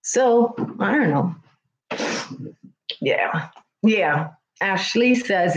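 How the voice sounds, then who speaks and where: A woman's voice: on the high side, expressive, very slow, long pauses, roomy sound. A woman schoolteacher chatting earnestly with her viewers, heartfelt and repeating herself for emphasis. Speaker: schoolteacher and vlogger. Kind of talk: casual livestream chat with viewers.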